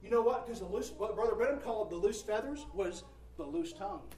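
This preacher speaks briskly in a high-pitched, slightly mellow voice with lively intonation, raising and lowering his volume and repeating phrases to drive his emphatic sermon home. The recording comes from a distant mic in a spacious hall with faint ambience.

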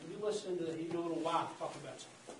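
In a church, a man with a slightly high voice preaches a fervent, repetitive sermon at a fast pace, calling out "saints of God" to the congregation. The recording is roomy and distant, with a little hiss or hum.

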